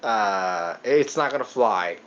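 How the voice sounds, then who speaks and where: A man's voice: fairly low pitch, animated, slow pace, fairly bright tone, muffled recording. Rambling man with stammered restarts. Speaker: podcast co-host. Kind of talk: casual film review chat.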